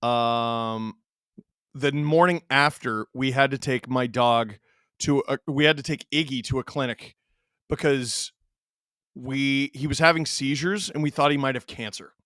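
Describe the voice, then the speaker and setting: A man in his thirties hosting a stream, reading chat aloud and telling stories in an animated, casual way. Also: medium pitch, a little slow, clean tone, dry recording, clean studio sound. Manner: animated storyteller, reads chat aloud, laughs often.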